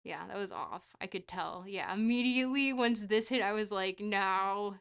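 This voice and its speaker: A woman's voice: mid-range voice, normal speed, clean tone. A woman streamer chatting casually while playing a geography guessing game, rambling and poking fun at herself. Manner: rambling, self-mocking, bursts into excited shouts.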